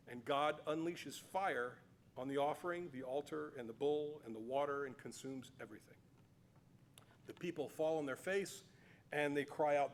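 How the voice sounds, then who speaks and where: A man's voice: a little high, fairly quick. Chatty man teaching Bible stories. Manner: animated, chatty, many fillers and restarts. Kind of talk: casual storytelling lecture. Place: cathedral.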